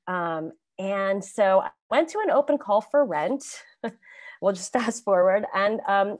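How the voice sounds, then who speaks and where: A woman's voice: medium pitch, lively intonation, measured pace, darkish tone, dry recording. A woman on a webinar panel casually telling her career story, chatty and loose with lots of fillers and restarts, over a video call. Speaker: alumni panelist.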